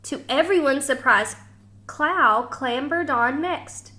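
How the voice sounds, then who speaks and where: A woman's voice: high voice, lively intonation, takes it slowly, sharp tone. A woman teacher reading a picture book aloud to children, stopping to explain words and ask them questions. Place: home kitchen.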